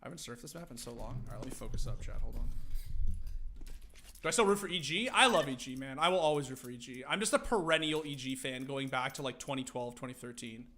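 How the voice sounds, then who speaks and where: A man's voice: mid-range voice, lively intonation, fast talker, sharp tone. A man hosting a livestream watch party, talking casually to his chat in a rambling, freely swearing way.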